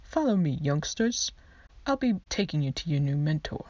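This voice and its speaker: A woman's voice: low-pitched, big pitch swings, normal speed, a little mellow, no room sound. A woman voicing a goofy, fussy male skeleton clerk who talks down to people in an awful fake accent. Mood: condescending. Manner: terrible fake put-on accent. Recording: dull lo-fi dry recording.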